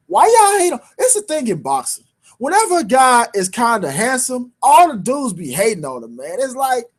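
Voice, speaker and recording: A man's voice: very high voice, huge pitch swings, moderate pace. A man hosting a sports talk show, bantering in casual street slang and repeating his points for emphasis. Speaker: sports radio host.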